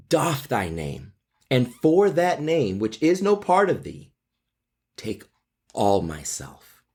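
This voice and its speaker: A man voicing a lovestruck teenage girl, reciting old verse slowly in a raised, lilting voice. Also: mid-range voice, a little mellow, husky, pitched above the performer's own voice, full character voice.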